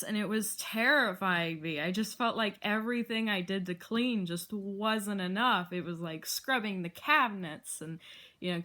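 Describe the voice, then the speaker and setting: Young woman rambling on her vlog, bright voice, says like a lot. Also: medium pitch. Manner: rambling, heavy use of filler words. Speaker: vlogger.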